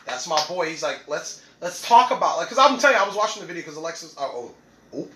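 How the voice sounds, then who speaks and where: A man's voice: a little high, sing-song, rapid-fire, roomy sound, noisy background. A young man hosting a podcast, talking casually and animatedly, laughing often and acting out what others said. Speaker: podcast host.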